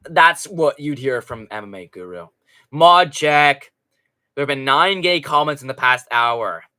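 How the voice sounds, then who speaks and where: Brief: male stream host, crisp bright tone, loose and profane, casual chatter. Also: mid-range voice, expressive, measured pace. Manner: rambling, profane, chatty with frequent restarts. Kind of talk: casual live stream chat.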